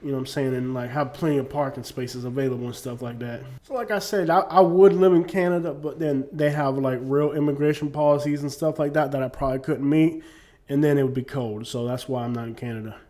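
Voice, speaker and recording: A man's voice: medium pitch, fairly even intonation, brisk, darkish tone. A man talking casually to camera as a YouTuber, rambling with lots of fillers. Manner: rambling, many "you know what I'm saying" fillers. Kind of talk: casual opinion monologue.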